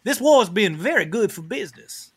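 A man's voice: high-pitched, expressive, a little fast, breathy edge, pitched above the performer's own voice, exaggerated voice. A man voicing a folksy, drawling male maker of war machines. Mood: defensive. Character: folksy long-legged male arms-maker.

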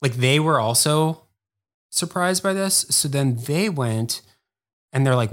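Appearing as a guest on a podcast, a former editor tells a long story in a loose, casual, rambling way. His voice is a little high and animated, coming in quick bursts and packed with "like."

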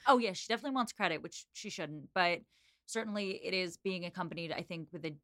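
A woman's voice: lowish voice, fast talker, fairly bright tone. A woman co-hosting a book podcast, talking over chapters in a reflective, easygoing way. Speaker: podcast co-host. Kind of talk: casual book discussion.

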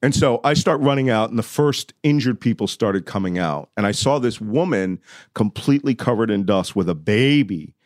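Middle-aged man, low voice, dry close sound, vivid storytelling. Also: lively intonation, normal speed, no echo. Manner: vivid storytelling, shouts when reenacting. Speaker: guest telling a personal story. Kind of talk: animated storytelling.

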